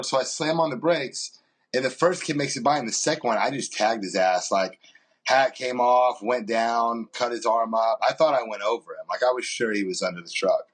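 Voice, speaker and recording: A man's voice: mid-range voice, low-quality recording. A man rambles through a story on a casual podcast. He slips into the voices of the people he quotes, then drops back to his own. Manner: rambling anecdote-telling, acts out quoted people. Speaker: podcast co-host.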